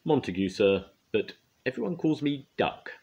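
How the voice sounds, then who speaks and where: A man voicing a polite, proud little steam engine in a storybook reading, speaking calmly. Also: medium pitch, normal speed, vocal fry, slightly rough, highs cut off, voice pushed up, exaggerated voice. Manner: polite and calm.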